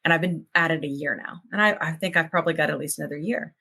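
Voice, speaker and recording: A woman's voice: sits low, fast talker, sharp tone, husky. A woman hosting a podcast, talking casually in long, earnest, hopeful run-on thoughts. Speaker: podcast host.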